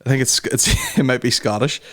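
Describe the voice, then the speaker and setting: He talks briskly in a medium-pitched voice, hosting a comedy podcast full of casual banter. Animated and swearing, he jokes around and performs silly voices.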